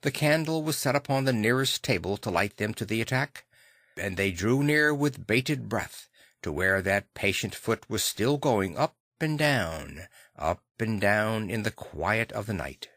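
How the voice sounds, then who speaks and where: A man narrating a classic novel audiobook in a measured, dramatic way on a close microphone. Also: on the low side, expressive, fairly bright tone, dry recording.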